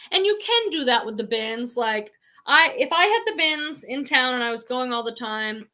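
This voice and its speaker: A woman's voice: on the high side, bright, forceful tone. A woman with a Boston accent hosting a casual livestream, chatting and reading viewer comments aloud. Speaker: reseller livestream host.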